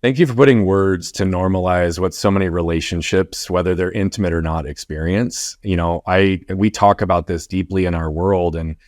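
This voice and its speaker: A man's voice: low voice, fairly even intonation, normal speed, hardly any pauses, a little mellow, no echo, studio quality. A man hosting a podcast interview, talking in an earnest, reflective way and often checking in with "right?". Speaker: podcast host.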